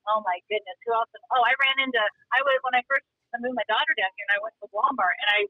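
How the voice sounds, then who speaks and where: A woman guest from Montana telling stories in a chatty, animated way, calling in while she drives. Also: a little high, fast talker, no room sound. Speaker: rodeo guest. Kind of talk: casual interview chat. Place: car. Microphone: phone call while driving. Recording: dull, dry phone-call audio.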